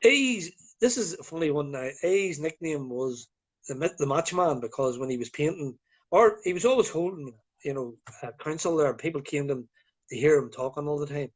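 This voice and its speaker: A man's voice: on the high side, expressive, moderate pace, husky. A man with a Northern Irish accent, chatting as a guest on a live video call and telling stories in a rambling way with many fillers. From Northern Ireland. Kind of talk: casual chat.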